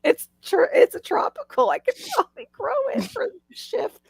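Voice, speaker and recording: A woman's voice: extremely high pitch, normal speed, gravelly, darkish tone, no echo. A woman in her forties, the host of a live stream, from Florida, chatting casually and laughing often. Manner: chatty, laughs often, reads side chat aloud.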